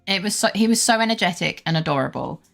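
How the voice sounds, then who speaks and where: A woman's voice: lowish voice, animated, fast talker, vocal fry, a bit bright. A young woman streaming, chatting casually and rambling fondly about her dog while greeting her chat. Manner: baby-talk voice toward her dog. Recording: faint background music.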